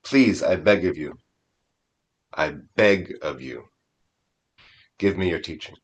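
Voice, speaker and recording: A man's voice: sits low, expressive, slow pace, breathy edge, full character voice. A man voicing an eager male seeker who pleads urgently. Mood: pleading.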